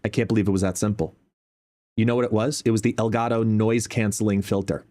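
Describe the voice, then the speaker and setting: A man hosting a live stream in casual chat, testing his desk microphone at his home gaming setup and explaining as he shifts between a quiet and a louder voice. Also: lowish voice, steady tone, fast talker. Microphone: desk microphone, no headphones.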